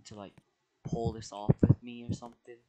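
A young man giving casual let's play commentary, excitable, with dramatic outbursts, squeals and slang. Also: medium pitch, normal speed, rough recording. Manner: slang-heavy casual talk. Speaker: gaming video creator.

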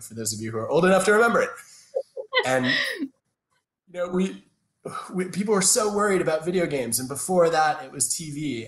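A man's voice: mid-range voice, a bit bright, echoey room. A man in his thirties giving thoughtful, explanatory answers as an interview guest, with frequent restarts, over a video call. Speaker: guest, organizational psychologist.

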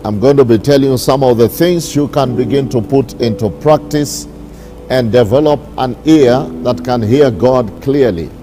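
A bishop preaching a sermon, repeating his declarations slowly and with emphasis. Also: medium pitch, mellow, soft background music. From Kenya.

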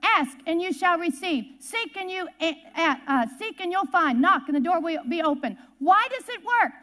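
A woman's voice: very high voice, fairly bright tone. A woman preacher delivering a sermon at a church service, emphatic and folksy, telling stories and repeating key words for weight.

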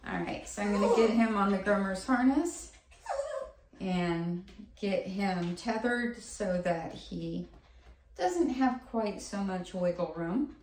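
A woman's voice: mid-range voice, animated, slow pace, a little mellow. A woman dog groomer talking casually through a grooming session, switching to coaxing sing-song baby talk with the dog. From United States. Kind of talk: casual instructional narration. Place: grooming salon. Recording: echoey room with clipper noise.

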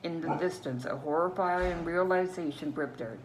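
Low-voiced older Newfoundland woman reading aloud. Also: moderate pace, a little hiss or hum, low-quality recording. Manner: steady storytelling with small slips and self-corrections. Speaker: reader.

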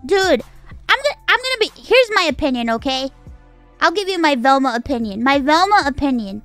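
Woman, streamer, casual rant, high voice, swearing, incredulous questions. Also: very animated, fairly quick, a bit bright, no room sound, soft background music.

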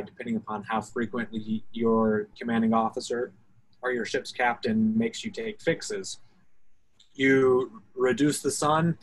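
A man's voice: medium pitch, low-quality recording. A man from Alabama with a Southern accent, a Coast Guard expert answering questions on a video call in a loose, step-by-step way, often hedging his answers. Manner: explanatory, self-hedging, talks through steps. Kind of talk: informal technical Q&A talk.

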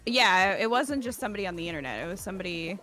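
Young woman, neutral North American accent, dry deadpan humor, bright tone, faint music behind. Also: mid-range voice, rapid-fire. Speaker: streamer, co-op player. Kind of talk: casual gaming chat.

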